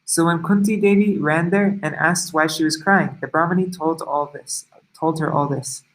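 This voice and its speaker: A man reading a devotional story aloud, in a measured storytelling manner with brief asides. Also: on the high side, fairly even intonation, a bit bright, poor audio. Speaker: reader of devotional stories.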